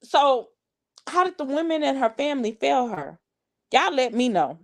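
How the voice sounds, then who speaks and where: Congested woman, sassy live-chat host, a bit high-pitched. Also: very animated, moderate pace. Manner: sassy, talks straight to viewers, reads comments aloud. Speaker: livestream host. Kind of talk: casual live-chat commentary.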